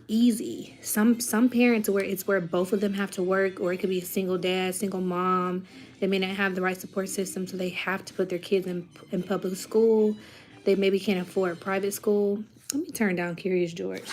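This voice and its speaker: A mother vlogging in casual chat, talking straight to her viewers and telling a story with growing heat. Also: mid-range voice. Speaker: parent.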